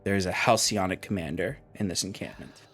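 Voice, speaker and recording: Low-voiced game master. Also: male voice, a little fast, faint music behind. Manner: relaxed, descriptive, with fillers. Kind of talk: narrating a tabletop game.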